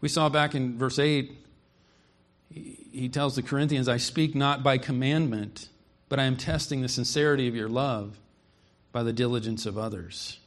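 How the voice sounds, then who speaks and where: A man's voice: medium pitch, fairly even intonation, normal speed. A man preaching an expository sermon, earnest and emphatic, reading scripture aloud and explaining it.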